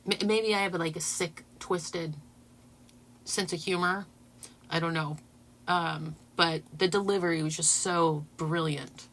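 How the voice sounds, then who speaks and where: Bright-voiced excitable woman host. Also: lowish voice, unhurried, a little hiss or hum. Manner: excitable, laughing, talks to viewers. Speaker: channel host. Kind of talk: casual livestream chat.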